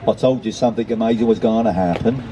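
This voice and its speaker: A man's voice: on the low side, fast, mellow, a little hiss or hum, natural voice, poor audio. A man reading aloud, voicing an eager male pigeon with a put-on Cockney accent. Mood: excited.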